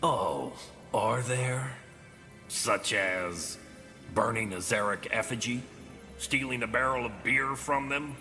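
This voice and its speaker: A man's voice: medium pitch, slow, bright, forceful tone, faint music behind. A man voicing a bitter, cruel male orc butcher in a video game, speaking in a menacing, sneering way. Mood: bitter, scornful.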